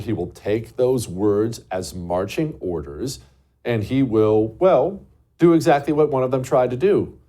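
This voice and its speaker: Man, commentary host, emphatic and scornful, lowish voice, rhetorical questions. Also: mellow. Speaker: show host. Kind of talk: political commentary monologue.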